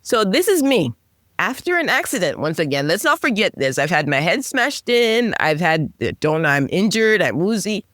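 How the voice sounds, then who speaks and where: A woman with a fairly low speaking voice recounts a personal story as a podcast guest. She tells it animatedly, leaping upward in pitch on key moments and restarting her sentences often. The sound is dry, with no room echo. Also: big pitch swings, moderate pace, a bit bright. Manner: frequent restarts and self-corrections.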